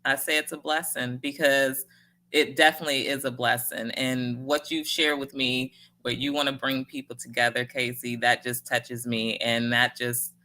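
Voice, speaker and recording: A livestream host with a bass voice, bright and forceful yet slow, casually walks viewers through their comments. She encourages them in a folksy manner and laughs a lot.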